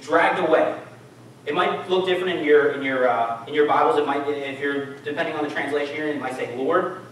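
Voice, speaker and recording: Recorded from far off in a reverberant church hall, this male preacher speaks fast with a somewhat high, slightly bright voice. His sermon is casual and chatty, broken up by questions to the audience, over faint background noise.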